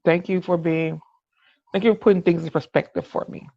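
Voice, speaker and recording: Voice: mid-range voice, fairly even intonation, a little fast, vocal fry, darkish tone, no echo. A middle-aged podcast host in a candid personal monologue, talking earnestly, often restarting and saying "you know what I'm saying". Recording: dull, dry lo-fi recording.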